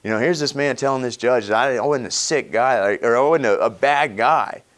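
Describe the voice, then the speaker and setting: Man giving a personal testimony, lively telling, frequent laughs, restarts mid-sentence. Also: medium pitch, brisk. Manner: animated, laughs often, many restarts. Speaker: speaker sharing his recovery story. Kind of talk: personal storytelling talk.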